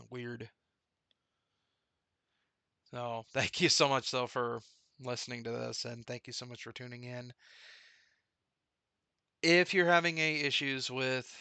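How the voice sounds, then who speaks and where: A man's voice: mid-range voice, gravelly, bright, forceful tone, smooth, dry recording. A man in a candid, rambling personal video update about a dream and his grief. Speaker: vlogger.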